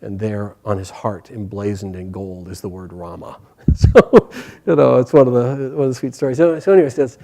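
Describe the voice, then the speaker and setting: Gentle, hesitant male spiritual teacher. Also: fairly low pitch, a little fast, gravelly. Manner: hesitant, gentle, many fillers. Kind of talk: storytelling spiritual class.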